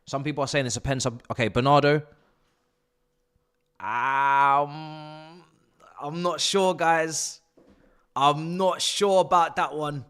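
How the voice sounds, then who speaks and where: A young man reacting live to a football match, excitable and prone to swearing and shouting at players. His voice sits a little high and comes across bright and sharp. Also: takes it slowly, long pauses, smooth. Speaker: live stream host. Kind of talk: live football watch-along commentary.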